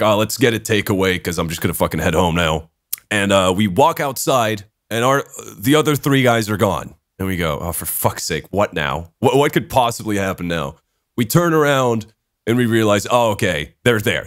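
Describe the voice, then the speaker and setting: A man's voice: lowish voice, no room sound, clean studio sound. A man co-hosting a podcast, telling a long story in casual chat, laughing often and swearing casually. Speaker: podcast co-host. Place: Brussels, Belgium.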